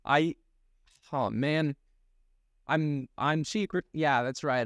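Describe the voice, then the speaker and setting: A man's voice: on the high side, slow pace, no room sound, clean studio sound. A young man and voice actor, co-hosting a casual comedic chat, rambling through stories and laughing often. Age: young adult. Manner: animated, laughing, rambling storyteller. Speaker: podcast co-host and voice actor.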